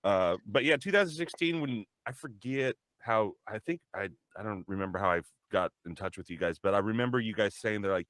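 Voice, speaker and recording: A man who works as a voice actor talks loosely about his work, rambling, restarting his sentences and laughing at his own stories. His voice sits on the low side and sounds dry, as if it is close to the mic. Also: brisk, hardly any pauses, a bit bright, dry recording. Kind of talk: casual chat.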